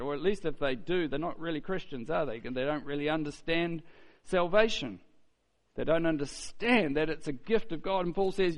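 A man's voice: on the high side, expressive, moderate pace. Conversational preacher man. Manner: conversational, with rhetorical questions and mock quotes. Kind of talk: sermon.

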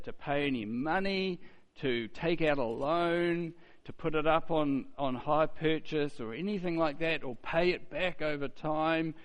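A man's voice: on the high side, dull audio. A man preaching a sermon in a conversational way, with rhetorical questions and mocking quotes.

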